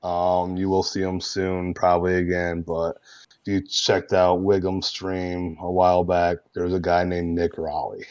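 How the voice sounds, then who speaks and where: A man guest in a casual interview, telling animated, laughing anecdotes with lots of fillers. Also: sits low, unhurried, dry recording, muffled recording. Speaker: guest, roleplay streamer.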